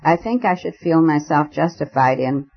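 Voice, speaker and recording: A man's voice: fairly high pitch, expressive, normal speed, gravelly, breathy edge, lo-fi sound, exaggerated voice. A man voicing a suave young male amateur detective who speaks in a sleek, sardonic way.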